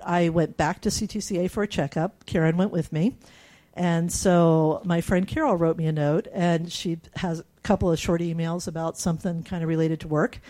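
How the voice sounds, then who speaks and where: Candid woman with a low mellow voice. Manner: candid, with laughs and frequent fillers. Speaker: cancer patient sharing her story. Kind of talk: reading her own emails aloud and reflecting.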